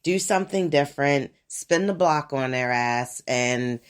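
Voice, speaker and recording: A woman in her forties hosting a podcast alone, rambling in a profane, animated casual monologue. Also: rumbling low, a little slow, clear, resonant tone. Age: 40s. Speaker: podcast host.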